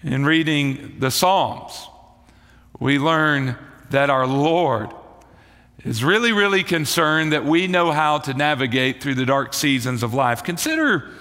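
A man preaching a morning sermon to believers, with rising emphasis and slowed dramatic phrasing. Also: fairly high pitch, pushed and bright, long reverb tail. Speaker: pastor.

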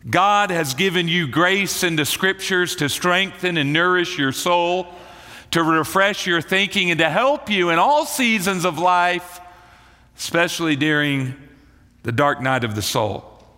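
A male pastor preaches a sermon in a bright, forceful voice pitched a little high. He leans into key words and slows his phrasing for drama. His voice rings out with the long reverb of a large hall. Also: animated. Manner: preaching with rising emphasis and slowed dramatic phrasing.

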